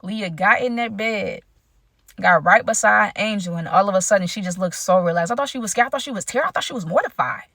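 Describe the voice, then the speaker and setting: Young woman rattling off a storytime to her viewers, super quick, dry close sound. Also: medium pitch, expressive, fairly bright tone, no echo. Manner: rapid, slangy, talks straight to viewers as y'all. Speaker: storyteller vlogger.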